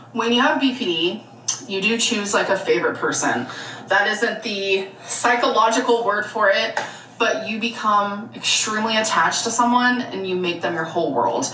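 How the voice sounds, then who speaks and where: A woman's voice: mid-range voice, a bit bright, a little hiss or hum. A woman chatting through a casual haul vlog in a rambling, chatty way. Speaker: vlogger. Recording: echoey room, voice from far off.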